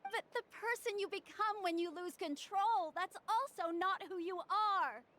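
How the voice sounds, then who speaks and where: A woman's voice: very high voice, measured pace, pushed and bright, slight background noise, full character voice. An actress voicing a worried young woman doctor who lectures and scolds in a video game cutscene. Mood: stern. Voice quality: exasperated, lecturing. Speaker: doctor and logistics handler.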